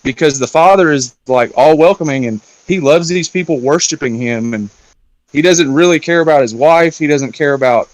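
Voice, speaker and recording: A man's voice: on the high side, normal speed, no room sound. A man in a casual round-table talk, loosely retelling a film plot with lots of fillers and swearing. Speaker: round-table discussion guest.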